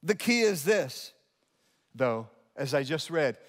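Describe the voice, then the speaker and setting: A male pastor preaching a sermon in an animated way, jumping between loud emphatic lines and quiet asides, with humorous remarks to his congregation. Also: on the high side, slow. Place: church sanctuary. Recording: long hall reverb of a church sanctuary.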